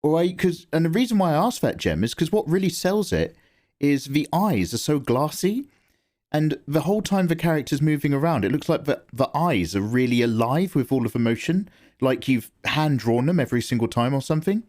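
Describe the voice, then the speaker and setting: Drawing on a live stream, a man chats casually with his viewers through a close microphone. His voice is a little high and a little fast, and he gets excited easily and swears freely.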